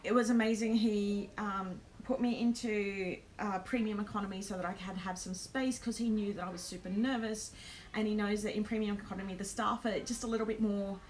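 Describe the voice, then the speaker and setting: A woman's voice: mid-range voice, fairly even intonation, a little fast, darkish tone, a little hiss or hum. An Australian woman hosting a live stream, telling a travel story in a chatty way, with lots of ums and nervous laughs.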